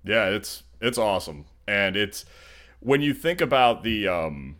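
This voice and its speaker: A man with a deep, low voice hosts a relaxed movie podcast. He rambles along with plenty of "uh"s, restarts and asides, in an easygoing, conversational way. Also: a little slow. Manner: rambling, with many fillers and restarts. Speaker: podcast co-host. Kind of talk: casual podcast chat.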